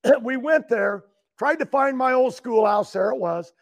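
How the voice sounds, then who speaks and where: An older man, a guest, telling long rambling stories that keep restarting, with frequent throat clearing. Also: very high-pitched, normal speed. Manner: loose, meandering, keeps restarting and clearing his throat. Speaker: guest, racing driver. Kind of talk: rambling storytelling.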